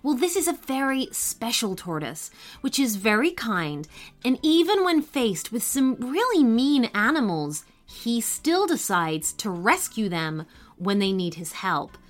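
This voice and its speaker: A woman hosting a children's story podcast, narrating a storybook with an expressive reading to kids. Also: fairly high pitch, measured pace. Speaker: storyteller host.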